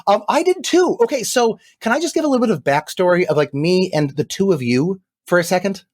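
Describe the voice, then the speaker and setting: A man's voice: high voice, lively intonation, brisk. A man who founded a science teaching company, talking as a guest in rambling, hesitant casual chat. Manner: rambling, hesitant, many fillers and restarts.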